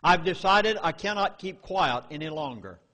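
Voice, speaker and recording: A man with a Southern US drawl speaks to a meeting crowd, with emphatic and urgent warnings. His voice sits a bit high, and a long hall reverb trails each phrase. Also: animated, normal speed, pushed and bright. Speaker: public speaker. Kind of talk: public lecture to a live audience.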